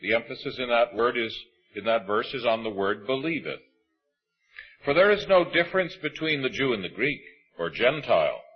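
A man delivers a sermon, reading scripture in a husky, measured voice. He slows down to lean on the words he wants to stress. The recording sounds slightly dull and lo-fi. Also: medium pitch, expressive. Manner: measured, emphatic preaching with slow stresses. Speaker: preacher.

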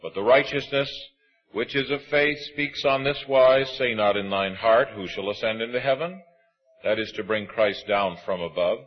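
A man preaching a sermon, reading scripture aloud and stressing key words slowly. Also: mid-range voice, muffled recording. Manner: measured, emphatic preaching with slow stresses.

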